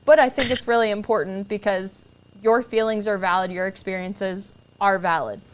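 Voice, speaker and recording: Chatty woman telling lively stories. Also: mid-range voice, moderate pace, noisy background. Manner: chatty storyteller, acts out quotes, lots of "like". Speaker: podcast guest. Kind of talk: casual conversational interview.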